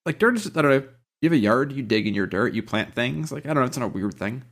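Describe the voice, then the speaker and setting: A man's voice: mid-range voice, sing-song, quick pace, a bit bright. A man with a mid-range voice chats on a podcast, dry and blunt with a sarcastic edge. He talks loosely and freely among friends. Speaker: podcast co-host. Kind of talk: casual chat.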